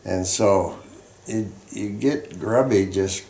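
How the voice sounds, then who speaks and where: An elderly veteran from Colorado recalls his service in a low, gravelly voice. He talks slowly and halts often, circling back with fillers. The recording carries a roomy echo. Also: darkish tone, slight background noise. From Colorado, United States. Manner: halting, rambling reminiscing with fillers. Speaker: veteran interviewee. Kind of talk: oral history storytelling. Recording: roomy echoey room.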